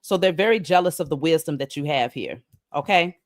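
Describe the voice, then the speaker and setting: A woman giving a spiritual card reading on a live stream, chatting casually to viewers and reading declarations slowly and emphatically. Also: low-pitched, lively intonation, dry recording, clean studio sound.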